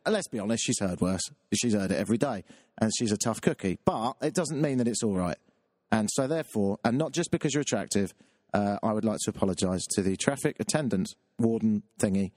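A man's voice: on the low side, expressive, brisk, darkish tone, no echo, clean studio sound. Wry, rambling man on radio. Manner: self-deprecating, rambling, wry. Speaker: talk radio DJ. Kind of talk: confessional radio monologue.

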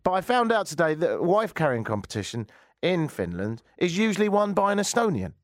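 A man's voice: on the high side, very animated, a little fast, no echo, studio quality. A man hosting a radio show, giving casual commentary with wry, rambling jokes and asides. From England. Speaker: radio host.

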